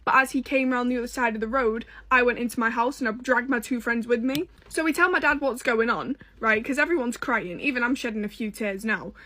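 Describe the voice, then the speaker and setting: A woman's voice: fairly high pitch, fairly quick, hardly any pauses, pushed and bright. A young British woman telling a storytime to her viewers in a casual, sassy way, full of swearing and dramatic asides. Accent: British English.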